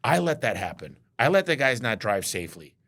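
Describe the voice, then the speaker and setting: This guest, a business owner, talks with a medium-pitched voice at a fairly quick clip, relaying business anecdotes casually. He animates the tales by performing the words others said to him in acted voices.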